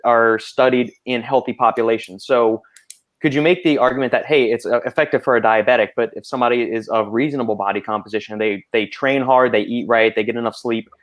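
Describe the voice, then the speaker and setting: A man hosting a panel podcast, explaining at length in casual talk full of fillers. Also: mid-range voice. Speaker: podcast host.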